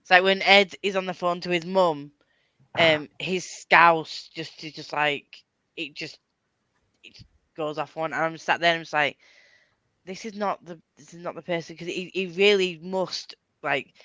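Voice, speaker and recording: A woman's voice: low voice, steady tone, measured pace, fairly bright tone, dry recording. A woman hosting a casual chat with friends, rambling and laughing often as she talks. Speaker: channel host. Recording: dull lo-fi sound.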